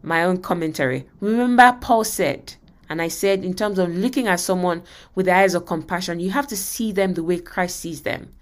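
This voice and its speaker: A woman's voice: on the low side, normal speed. Earnest woman teaching on a podcast. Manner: earnest, often checking in with "okay?". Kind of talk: spoken teaching talk.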